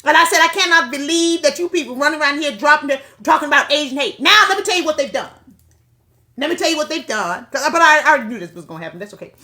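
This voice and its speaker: A woman's voice: high voice, lively intonation, quick pace, bright, forceful tone. A middle-aged woman giving a blunt, profane, preachy opinion monologue to her viewers. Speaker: online commentator.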